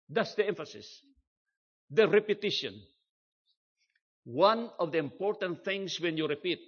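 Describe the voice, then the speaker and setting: An older man preaches at a deliberate, unhurried pace, his voice sitting a little high. He leans hard on key phrases and repeats them for emphasis. The recording is dull and lo-fi. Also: a bit bright. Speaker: pastor. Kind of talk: sermon.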